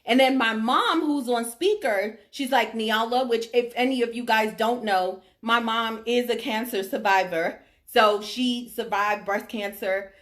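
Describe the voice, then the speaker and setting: Emphatic woman telling her story, slightly high. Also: a little slow, few pauses, a bit bright. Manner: emphatic, checks in with listeners often. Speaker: vlogger sharing her diagnosis story. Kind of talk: personal storytelling to camera.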